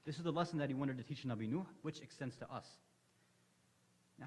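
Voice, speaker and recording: A man giving a religious lecture in a conversational storytelling way, acting out the lines of the people in his stories. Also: medium pitch. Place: hall of an Islamic center. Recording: long reverb of a hall.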